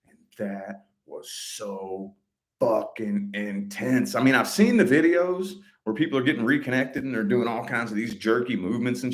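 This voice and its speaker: Swearing, animated male vlogger. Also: medium pitch. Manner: swears freely, animated when quoting others. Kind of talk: casual storytelling to viewers.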